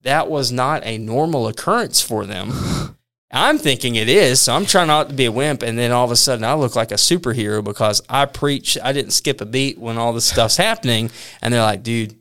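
Man, preacher type, easygoing storyteller, clear resonant tone, pokes fun at himself. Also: medium pitch, moderate pace. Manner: animated, self-deprecating, laughs often. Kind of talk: casual storytelling.

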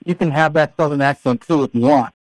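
A playful male podcast host with a fairly high voice, trading jokes and stumbling over repeated words. The sound is close and dry, with no room echo around him. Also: quick pace. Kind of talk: casual banter.

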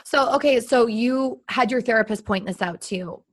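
A woman's voice: on the high side, moderate pace. Encouraging woman podcast host. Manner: encouraging, lots of affirming murmurs. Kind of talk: podcast interview.

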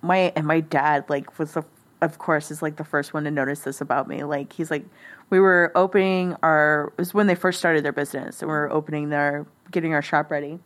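A woman's voice: low-pitched, fairly even intonation, a little fast. A young woman chatting casually as a guest, rambling and laughing at her own jokes. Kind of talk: casual chat.

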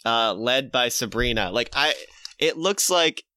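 A man casually retelling a comic plot, laughing often and slipping into quick character voices. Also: mid-range voice, lively intonation, sharp tone, no echo, studio quality. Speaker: podcast co-host retelling a comic. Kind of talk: casual comedic recap chat.

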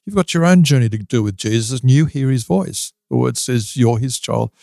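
A middle-aged man speaking earnestly about faith as a podcast guest, often pausing and restarting his sentences. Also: medium pitch, creaky, darkish tone, no room sound, clean studio sound. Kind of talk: reflective podcast interview.

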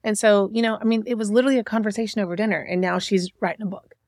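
A woman's voice: medium pitch, steady tone, racing, a little mellow, no room sound, studio quality. A middle-aged woman, a podcast guest, chatting casually and telling stories with frequent restarts. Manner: chatty storyteller, many restarts. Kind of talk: casual conversation.

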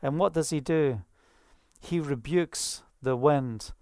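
A preacher delivers a quick, fervent sermon and keeps breaking into hallelujahs. The voice is smooth and resonant, and the recording is close and dry, with no room echo. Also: mid-range voice, darkish tone.

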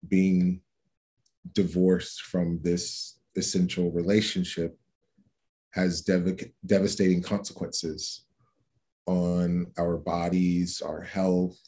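A man who writes about food, speaking as an interview guest in a measured, earnest way. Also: low voice, mellow. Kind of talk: conversational interview.

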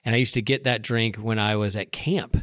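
A man's voice: fairly low pitch, fairly even intonation, a little fast, fairly bright tone, no echo, studio quality. A man on a live panel explaining a drink's background with some pride. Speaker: panel guest. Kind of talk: casual chat.

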